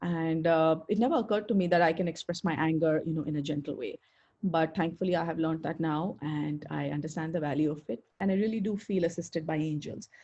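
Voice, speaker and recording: A woman's voice: sits low, fairly quick, warm tone, dull audio. A woman teaching a spiritual healing class on a video call, talking in an earnest, chatty way with lots of fillers. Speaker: pranic healing instructor. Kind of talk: online spiritual talk with slides.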